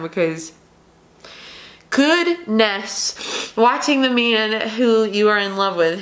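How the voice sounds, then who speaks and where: A woman's voice: mid-range voice, a bit bright, a little hiss or hum. A pregnant young woman talking through a casual question-and-answer vlog, emotional and teary, with lots of fillers and restarts. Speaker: vlogger.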